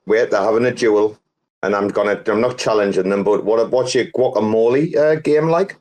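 A man's voice: fairly low pitch, moderate pace, a little mellow. A man in a casual online group chat who cuts in playfully and laughs a lot.

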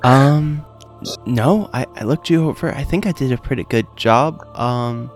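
A man playing a tabletop game, speaking haltingly with many fillers. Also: mid-range voice, soft background music. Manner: halting, filler-heavy, deadpan. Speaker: player. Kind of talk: casual tabletop play.

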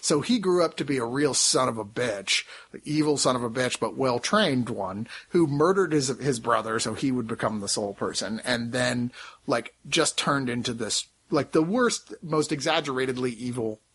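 A man's voice: medium pitch, expressive, moderate pace, fairly bright tone, husky. A man hosting a casual film review podcast, rambling and laughing often, swearing freely. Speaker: podcast host reviewing films. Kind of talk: casual chat.

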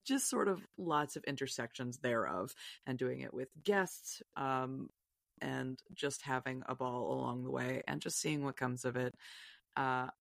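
Woman podcast guest, gravelly voice, rambling and giggly, dry close mic. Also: extremely low pitch, no room sound. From Virginia, US. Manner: rambling, self-deprecating, giggly. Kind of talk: casual podcast chat.

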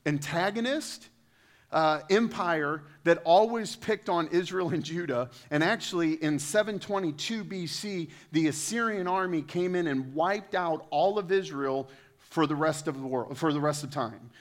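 A man preaching to a congregation, his voice sitting a little high. He swings from loud, rising scripture quotes to casual, chatty asides aimed at the room. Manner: animated, rises in pitch and volume when quoting scripture. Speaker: pastor. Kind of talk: sermon.

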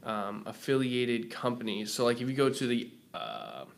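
A young man from Hawaii, a guest on a casual podcast. He talks as a lively, animated storyteller, with a voice pitched in the ordinary middle range for a man. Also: moderate pace, creaky. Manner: lively storyteller, acts out dialogue, laughs often. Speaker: guest, film producer.

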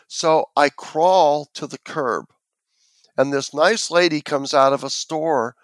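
A man tells a story with animation and acts out the quoted voices as he goes. His voice sits a little high for a man, and the sound is dry and close to the mic, with no room echo. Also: takes it slowly. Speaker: interview guest.

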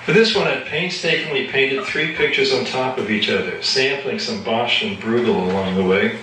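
A man's voice: mid-range voice, moderate pace, bright, forceful tone, slight background noise. Guy reading his own story at a live event, matter-of-fact, roomy far-off sound. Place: live reading at an evening gathering. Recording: echoey room from afar.

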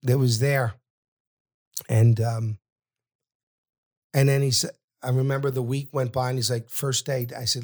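A man's voice: steady tone, darkish tone. A middle-aged man, a podcast guest telling an emotional story and often stopping to repeat his words. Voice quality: halting, repeats words, voice drops low at sad moments.

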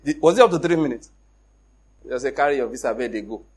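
A middle-aged Nigerian man with a Nigerian accent, telling a personal story in an animated way, acting out the dialogue and laughing often. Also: medium pitch, quick pace, slightly rough. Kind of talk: casual storytelling.

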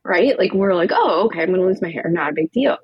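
A woman's voice: on the low side, fast, lo-fi sound, a crowd in the background. A woman guest on a podcast, telling her story with candor, acting out the dialogue and filling it with "like". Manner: animated, acts out quoted dialogue with frequent "like" fillers. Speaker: podcast guest, cancer coach. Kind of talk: candid storytelling conversation.

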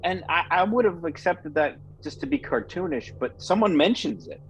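A man's voice: a little high, expressive, moderate pace, a bit bright, husky, poor audio. A man co-hosting a casual chat, hesitant and often trailing off and restarting. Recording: faint background noise.

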